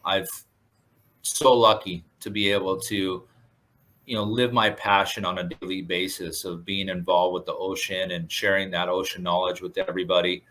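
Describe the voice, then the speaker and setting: A man's voice: sits low, level tone, normal speed, bright, forceful tone. A man who works as a surf instructor, speaking earnestly and gratefully in a casual interview, with many fillers and restarts. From Southern California.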